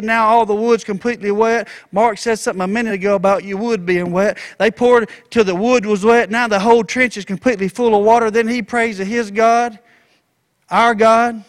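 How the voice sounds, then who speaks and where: A man preaching a sermon, retelling a story in an animated, folksy way. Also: high voice.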